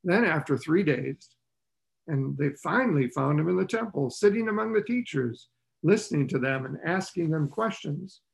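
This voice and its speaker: Preaching at a normal pace, this man speaks conversationally and asks his audience rhetorical questions, his creaky voice full of lively intonation. He lifts his pitch to deliver the characters' lines.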